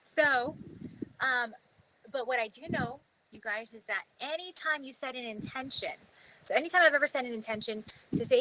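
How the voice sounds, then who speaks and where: A woman's voice: a little high, brisk, sharp tone. Chatty woman telling a story, noisy recording. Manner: chatty, many fillers, acts out her own past thoughts. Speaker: guest telling a personal story. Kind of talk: casual storytelling.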